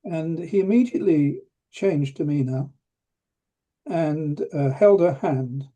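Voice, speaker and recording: A fairly high-pitched but dark-toned voice belongs to an older Englishman speaking slowly as an interview guest. The retired professor of rheumatology tells a reflective story, hesitant and full of restarts, with a dry sense of humor.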